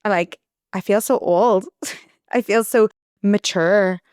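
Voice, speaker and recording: A young woman hosting a podcast tells a personal story in a chatty, rambling monologue full of restarts. Her medium-pitched voice is slow, darkish, clear and resonant, recorded in studio quality with no room sound.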